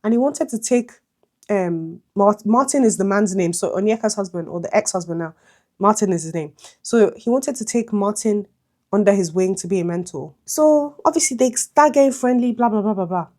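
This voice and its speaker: A young woman vlogger chatting through a storytime retelling while doing her makeup, animated and exclamatory. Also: mid-range voice, normal speed. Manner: animated, exclamatory, slangy commentary. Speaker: beauty vlogger.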